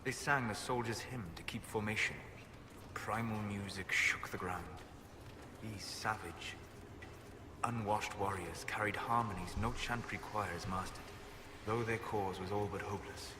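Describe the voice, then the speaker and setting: An actor voicing a calm, aloof male elf scholar who talks in a measured, formal way. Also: lowish voice, natural voice. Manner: measured, formal, softly spoken. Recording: game audio with ambient background noise. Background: game ambience.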